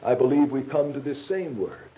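A man's voice: mid-range voice, moderate pace. Earnest man preaching a sermon. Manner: earnest, rising to emphatic bursts. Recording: muffled lo-fi recording.

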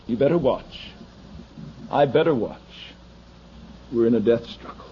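Fiery preacher, hushed to shouting. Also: male voice, mid-range voice, expressive, slow pace, pauses often. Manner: swings from hushed asides to shouted pleas. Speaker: pastor. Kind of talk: fiery sermon. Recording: dull lo-fi archival recording with faint noise.

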